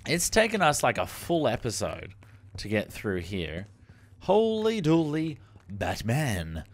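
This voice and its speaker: Animated man narrating his gameplay. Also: medium pitch, takes it slowly. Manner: animated, exclaiming, addresses viewers as legends. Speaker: gaming channel host. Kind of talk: let's-play commentary.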